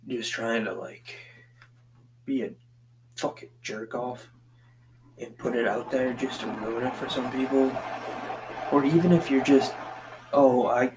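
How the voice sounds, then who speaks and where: A man's voice: mid-range voice, unhurried, pauses often, background noise. A man from the Boston area hosting a casual solo podcast from his basement, rambling from thought to thought and swearing constantly as he paces back and forth. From Boston area, USA. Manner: profane, meandering, swears constantly. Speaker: podcast host.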